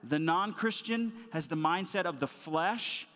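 High-voiced pastor preaching in a hall. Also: male voice, measured pace. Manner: storytelling, animated, conversational with fillers. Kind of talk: sermon.

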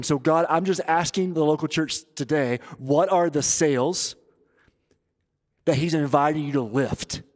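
A man preaching a sermon as pastor, urging and earnest, moving between loud appeals and hushed, intense passages. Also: fairly high pitch. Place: church auditorium. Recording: long reverb of a large hall.

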